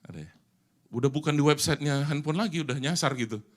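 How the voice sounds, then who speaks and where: A middle-aged man, an animated pastor preaching to a church and teasing the congregation. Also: on the high side, very fast. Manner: animated, teasing the congregation, mixing English with Indonesian. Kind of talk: sermon.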